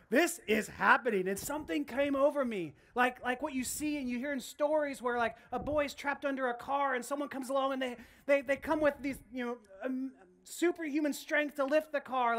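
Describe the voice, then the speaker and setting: A woman pastor preaching a sermon, telling a story in a lively, animated way with frequent restarts. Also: high-pitched. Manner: animated storytelling, laughs often, many restarts.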